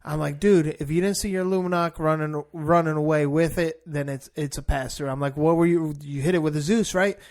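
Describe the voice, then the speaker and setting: Gravelly fairly high-voiced dude, animated podcast chat, lots of cursing. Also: male voice, fairly quick, few pauses. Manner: animated, swearing, retells phone calls.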